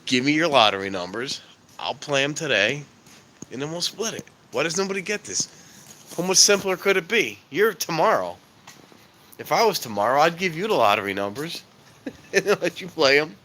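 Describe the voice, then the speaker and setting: A man's voice: a little high, sing-song, normal speed, pushed and bright. A man hosting a casual live stream from a handheld phone, out in the cold at night and later inside an elevator, joking and rambling about wrapping up. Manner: rambling, joking, keeps promising to wrap up. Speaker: livestream host. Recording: roomy echo and clear background noise.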